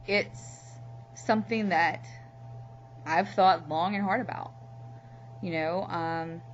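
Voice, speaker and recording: A woman from Louisiana talking candidly in a personal video diary, heartfelt and rambling with lots of "you know"s. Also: on the low side. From Louisiana, USA. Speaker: vlogger. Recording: muffled lo-fi recording with faint hum.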